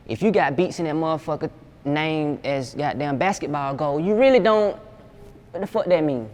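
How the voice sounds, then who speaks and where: A man's voice: fairly high pitch, moderate pace, a little mellow. Laid-back young man, slangy. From Georgia, USA. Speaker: music producer, guest. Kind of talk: casual interview.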